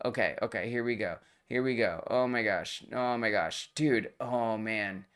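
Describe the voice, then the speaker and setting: This live-stream host narrates a game with clear, resonant, medium-pitched speech at a measured pace. She's excitable, veering between fake fury and giggling chatter, with invented exclamations for fun.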